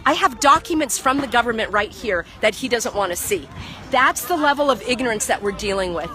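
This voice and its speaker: A woman's voice: a little high, expressive, a little fast, pushed and bright. A woman filming with a handheld phone at an outdoor market, lecturing people insistently and preachily about the law. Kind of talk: impassioned street lecturing.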